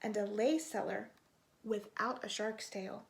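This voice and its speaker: A woman reading a children's picture book aloud, expressive and stretching out the sound words. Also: medium pitch, unhurried, vocal fry. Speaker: storytime reader.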